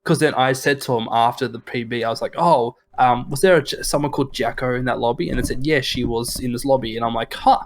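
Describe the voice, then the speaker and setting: A young man co-hosting a podcast, telling stories and teasing his friend in animated casual chat. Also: medium pitch, quick pace, few pauses. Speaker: podcast co-host.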